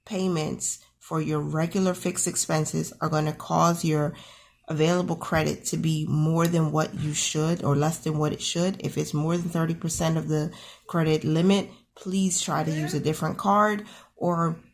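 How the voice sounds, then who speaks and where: A woman with a rough morning voice walks through her family's weekly card expenses, friendly and encouraging as she talks the numbers through aloud. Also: sits low, little pitch movement, normal speed. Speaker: budgeting channel host. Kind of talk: casual screen-share budget walkthrough.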